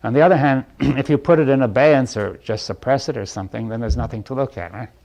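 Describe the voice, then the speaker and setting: A man giving a reflective talk to a group, thinking aloud in halting phrases, checking in with "right?" and chuckling lightly between points. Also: mid-range voice, vocal fry, a little mellow, highs cut off. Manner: thoughtful, halting, often asks "right?". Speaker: speaker leading a group dialogue.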